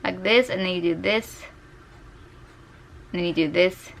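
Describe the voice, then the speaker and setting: A woman's voice: on the low side, unhurried, creaky, a little hiss or hum. Young woman rambling while she draws, giggly and gushy, desk mic. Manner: chatty, giggly, gushes over favorite characters. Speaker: art vlogger. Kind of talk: casual chat while drawing. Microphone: desk USB microphone.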